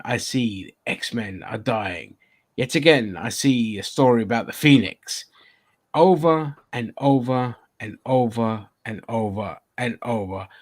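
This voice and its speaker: Blunt, swearing man ranting casually. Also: medium pitch. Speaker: podcast host. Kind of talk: casual chat.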